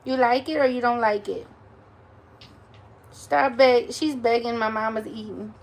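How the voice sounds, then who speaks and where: A woman's voice: fairly high pitch, fairly even intonation, a little slow. A woman hosting a casual live stream from home on her phone, chatting with viewers and cooing baby talk to her dog. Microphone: phone camera.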